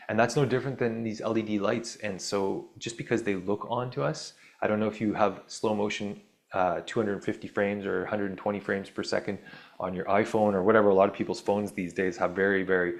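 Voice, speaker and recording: A man hosting a podcast, talking through spiritual ideas in a rambling, self-interrupting way with wry asides. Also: on the low side. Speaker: podcast host. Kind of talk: casual spiritual monologue.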